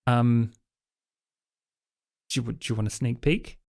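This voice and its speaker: A man's voice: medium pitch, steady tone, a little slow, vocal fry, darkish tone. A man playing a stammering new vampire. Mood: nervous. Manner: stammering, hesitant, crude humour. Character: young adult male newly turned vampire, nervous and jokey. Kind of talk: tabletop role-play in character.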